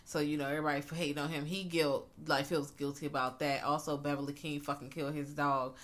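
Blunt profane woman, bright voice. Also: low-pitched, little pitch movement, fast. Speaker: podcast co-host. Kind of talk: casual chat reviewing a series.

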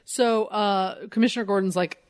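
A woman's voice: medium pitch, fairly even intonation, moderate pace, clear, resonant tone. A woman co-hosting a casual comedy podcast, animatedly retelling a comic story, swearing and laughing often. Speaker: podcast co-host.

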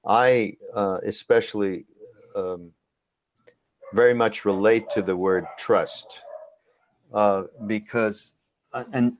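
A man hosting a webinar Q&A, speaking reflectively and unhurriedly, often pausing to search for words. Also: deep voice, dry recording. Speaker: host. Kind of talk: webinar Q&A conversation.

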